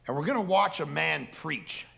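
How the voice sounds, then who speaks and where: A friendly, generous mechanic, put on by a man with a bright, gravelly edge. He talks in an upbeat, inviting way, friendly and easygoing. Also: a little high, animated, moderate pace, pitched above the performer's own voice, exaggerated voice.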